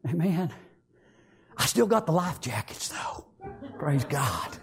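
A man preaching an emotional sermon in folksy rural grammar. He swings from loud pleading to hushed tones. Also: a little high, very animated, slow, long pauses, breathy edge.

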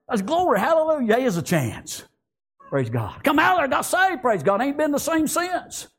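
A middle-aged man preaching a sermon in a folksy rural way, calling out to the congregation and dropping into quiet storytelling. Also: very high-pitched, wildly swooping pitch, brisk, creaky. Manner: folksy, rural speech, frequent call-outs and "praise God"; swings between shouting and hushed storytelling. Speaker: pastor.

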